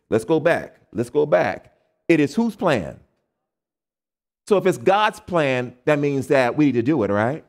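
A man from the United States preaching a camp meeting sermon, asking the congregation questions and acting out the people he quotes. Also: medium pitch. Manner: animated, call-and-response questions to the congregation; acts out quoted people in changed voices.

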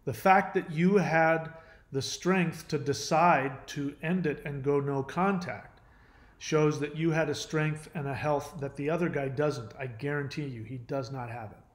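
Man, higher voice, earnest confiding talk, restarts often, echoey room. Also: steady tone, unhurried. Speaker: channel host. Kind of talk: casual personal talk to camera.

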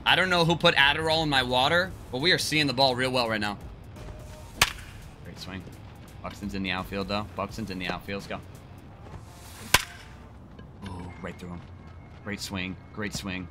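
A man giving excited, joking gameplay commentary with crude trash talk and bursts of yelling. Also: on the low side, normal speed, long pauses, over loud music. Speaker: gaming video creator.

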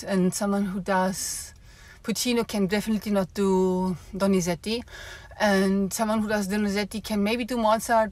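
A woman's voice: mid-range voice, no echo. A woman opera singer in a casual vlog, explaining things from her car in a chatty way with many fillers, slightly out of breath.

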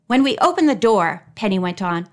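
A woman reading a children's mystery novel aloud in a clear, even storytelling voice, lightly voicing each character. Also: medium pitch, normal speed. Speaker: audiobook reader.

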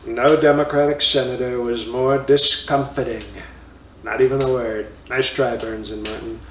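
A man's voice: mid-range voice, little pitch movement, normal speed, a little hiss or hum, close to an everyday voice. Man impersonating a bragging former president, rambling and mocking, distant mic, roomy room. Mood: boastful. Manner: boastful, rambling, insulting nicknames. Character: comic impression of a blustering former male president. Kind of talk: comedy impression monologue.

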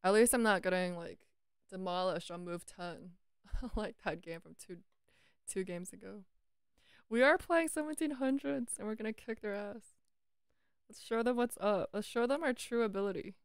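A woman's voice: medium pitch, steady tone, moderate pace, clean tone, no room sound, studio quality. A woman talking casually to herself and viewers while playing chess online, chatty and playfully cursing. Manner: breaks into sung lines. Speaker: chess streamer.

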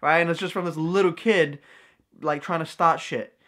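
A man's voice: fairly high pitch, steady tone, normal speed, fairly bright tone. Slangy young man telling a story. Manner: slangy, full of fillers and "bro". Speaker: vlogger and card magician. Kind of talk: casual storytelling to camera.

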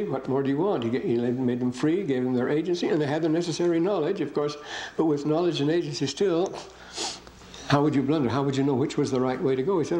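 A man's voice: fairly high pitch, quick pace, warm tone, a little hiss or hum, low-quality recording. An older man giving a classroom lecture, reading verses aloud and breaking in with rambling comments to his students.

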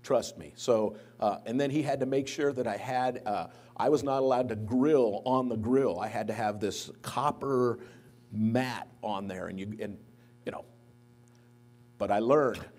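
A man's voice: mid-range voice, measured pace. A man, likely a pastor, giving a eulogy at a church memorial service, telling anecdotes and livening up when he quotes others. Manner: anecdotal storytelling, lively when quoting others. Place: church sanctuary.

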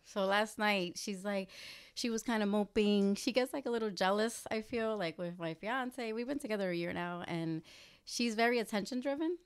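A woman's voice: mid-range voice, normal speed, clean tone. A woman in her thirties, a podcast guest chatting casually and often laughing while she acts out what people said. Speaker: podcast guest, spa owner.

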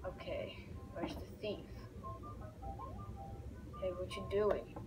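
Excitable woman gamer narrating gameplay; lively, unhurried delivery. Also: fairly low pitch, music in the background, low-quality recording. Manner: excitable, reacts loudly and narrates the on-screen action. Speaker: gaming video creator. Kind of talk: casual let's-play commentary.

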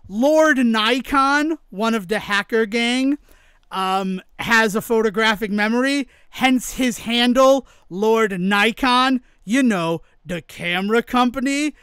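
A man co-hosting a podcast in casual chat, animated, laughing often and acting out quoted exchanges. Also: extremely high pitch, clear, resonant tone, dry recording, clean studio sound. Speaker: podcast co-host.

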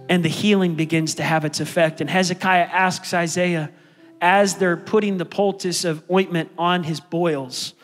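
A man preaching a sermon as pastor, building to loud, passionate calls and asking the congregation to respond. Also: a little high, big-room sound.

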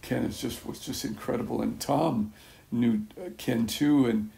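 An older man giving a casual spoken testimony to a small church group, rambling and halting with many restarts and soft chuckles. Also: mid-range voice, vocal fry. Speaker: speaker at a church gathering.

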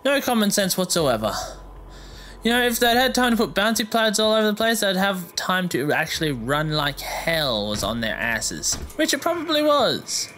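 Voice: mid-range voice, big pitch swings, moderate pace, fairly bright tone, slight background noise. A gamer giving let's play commentary, joking, swearing freely and talking back at the enemies on screen. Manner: joking, talks to the enemies and the game. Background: game music.

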